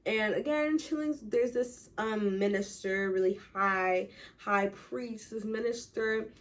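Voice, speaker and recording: A young woman casually summarizing a classic novel, full of "like" and "um", slipping into quick voices for the townsfolk. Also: mid-range voice. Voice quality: chatty, filler-heavy, lots of "like". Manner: acts out townsfolk in quick quoted bits. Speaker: book summarizer.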